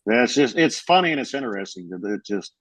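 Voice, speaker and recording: A man's voice: medium pitch, sing-song, fast talker, no echo, poor audio. A man on a podcast telling a story in casual chat, rambling with fillers and restarts.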